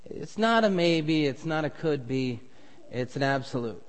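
Middle-aged male preacher, slightly high voice, emphatic sermon delivery in a long-reverb church hall. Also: lively intonation, unhurried. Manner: preaching, swelling to loud emphatic peaks. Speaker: pastor.

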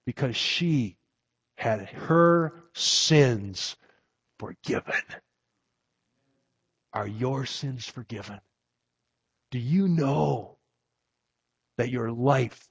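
A man preaching a sermon in a slow, emphatic way, letting his voice swell on key phrases. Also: medium pitch, expressive, slightly rough, no room sound. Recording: dull lo-fi recording.

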